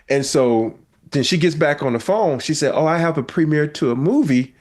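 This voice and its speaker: A man's voice: on the high side, moderate pace. A middle-aged man, a podcast host and former basketball player, telling stories in casual chat and acting out the quotes. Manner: animated storyteller, acts out quotes with laughs.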